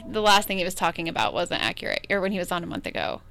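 A woman co-hosting a radio show, chatty and quick to laugh. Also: lowish voice, big pitch swings, vocal fry, fairly bright tone. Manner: giggly, chatty. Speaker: radio co-host. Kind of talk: casual on-air banter. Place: radio studio.

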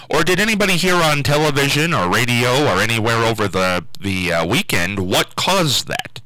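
A middle-aged man talks on a local call-in radio show, rambling from thought to thought and correcting himself as he goes. His voice is bright, and his pitch rises and falls a lot. The studio sound is close and dry. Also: no room sound, poor audio. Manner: rambling, full of fillers and restarts. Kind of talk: casual call-in radio talk.

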